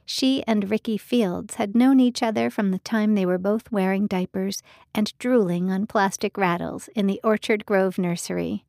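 Woman, audiobook narrator, measured storytelling, mid pitch, dry close studio. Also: steady tone, creaky, darkish tone, no echo.

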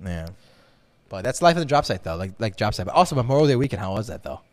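A man co-hosting a podcast in casual chat, rambling and swearing freely in an animated way. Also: lowish voice. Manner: rapid, animated, profane rambling. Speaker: podcast co-host.

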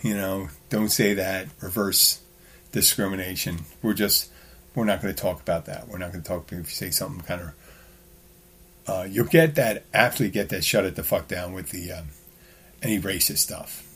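A man's voice: sits low, steady tone, moderate pace, a bit bright, husky. A man hosting a talk show, telling bar stories in a blunt, rambling, profane way with lots of restarts. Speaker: podcast host. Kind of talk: casual solo monologue.

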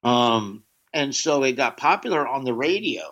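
A man spins loose, rambling anecdotes in an interview, peppered with fillers and sudden hops into a drawling character voice. His pitch sits in an ordinary middle range. The recording sounds dull and slightly lo-fi. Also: lively intonation, normal speed, fairly bright tone. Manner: rambling anecdotes, slips into a drawling put-on voice for quotes. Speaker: comedian guest. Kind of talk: casual storytelling.

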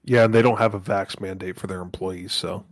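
A man's voice: deep voice, fairly even intonation, fairly quick, dry recording. A man co-hosting a podcast, blunt, sardonic and profane in casual banter. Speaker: podcast co-host.

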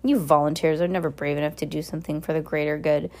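A mocking, sneering villainess, vain and scornful, voiced by a woman reading an audiobook. The voice is low, dark and gravelly. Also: little pitch movement, quick pace.

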